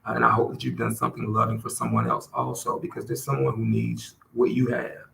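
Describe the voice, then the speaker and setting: A man hosting a podcast, speaking earnestly and emotionally in a heartfelt solo talk, often halting and restarting his sentences. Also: medium pitch, little pitch movement, gravelly, a bit bright. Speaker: podcast host. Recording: roomy echo with faint background noise.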